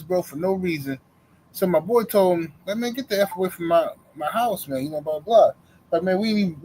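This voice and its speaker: Man, middle-aged, slightly high voice, casual slang, acts out voices in his story, faint hiss. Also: low-quality recording. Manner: casual slang-heavy speech. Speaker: co-host.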